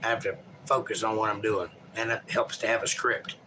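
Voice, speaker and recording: A man's voice: fairly low pitch, fairly even intonation, fairly quick, sharp tone, a little hiss or hum, rough recording. A man hosting a livestream, reading viewer chat aloud and chatting in a rambling, folksy, joking way.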